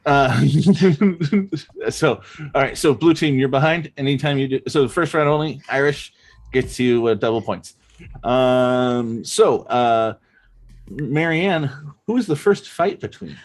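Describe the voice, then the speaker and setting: A man's voice: medium pitch, takes it slowly. Rambling, self-mocking male comedy host. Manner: chatty and rambling, many ums, self-mocking jokes. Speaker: improv show host. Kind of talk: casual hosting, explaining game rules.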